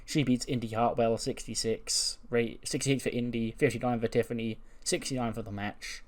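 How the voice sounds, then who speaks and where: A man's voice: medium pitch, steady tone, moderate pace. A man casually recapping a wrestling simulation run, chatty, laughing and swearing, often restarting mid-sentence. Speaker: game commentator. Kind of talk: casual let's-play recap.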